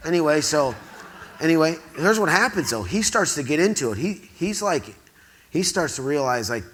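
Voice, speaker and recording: A man's voice: fairly high pitch, moderate pace. A man from the Quad Cities telling a rambling story on a theatre stage, acting out the dialogue as he goes. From Quad Cities, US Midwest. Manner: excitable, rambling, acts out quoted dialogue. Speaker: speaker at an awards event. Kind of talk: storytelling to a live audience.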